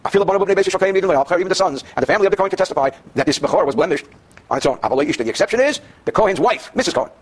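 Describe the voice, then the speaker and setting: Male teacher, high voice, husky, very fast talker, reads Hebrew then explains with jokes. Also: expressive. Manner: addresses students in the room. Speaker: Torah teacher. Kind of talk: daily Jewish law class.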